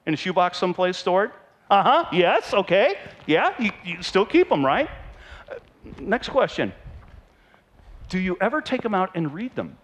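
A man giving an animated storytelling talk to an audience, playful and teasing as he speaks. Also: high-pitched, normal speed, pauses often.

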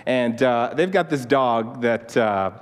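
Male pastor, mid-pitch, chatty sermon delivery with restarts, long hall reverb. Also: slow pace, smooth. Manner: animated storytelling, many restarts, repeats "okay?"; turns soft and low in prayer. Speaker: youth pastor. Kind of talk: sermon with personal story.

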